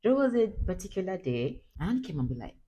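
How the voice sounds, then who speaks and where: A woman's voice: medium pitch, sing-song, a little fast, warm tone, breathy edge, rough recording. A young Nigerian-accented woman chatting casually to camera as a mother, laughing often and slipping into pidgin. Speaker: mother vlogger.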